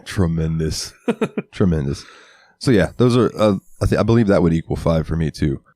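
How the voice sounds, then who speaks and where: A man's voice: expressive, moderate pace, dark tone, dry recording, clean studio sound. A man co-hosting a casual podcast on a headset mic, laughing and swearing as he jokes around. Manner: laughing, swearing, breaks into silly high-pitched impressions. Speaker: podcast co-host. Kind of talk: casual chat.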